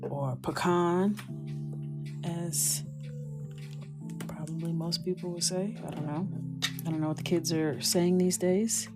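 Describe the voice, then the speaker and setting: A woman with a low voice talks slowly and playfully to herself and her viewers as she colors, now and then slipping into a whisper. Clear music plays under her voice the whole time. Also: fairly even intonation. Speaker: coloring creator. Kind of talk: casual chat while coloring.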